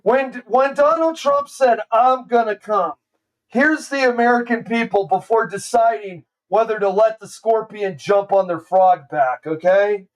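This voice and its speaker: Male streamer, high voice, sarcastic ranting, exasperated, distant from the mic. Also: measured pace, few pauses. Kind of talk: ranting commentary.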